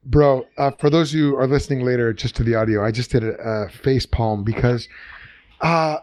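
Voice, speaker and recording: Animated man thinking aloud, dry sound. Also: medium pitch, moderate pace, no room sound. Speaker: podcast co-host. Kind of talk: casual discussion.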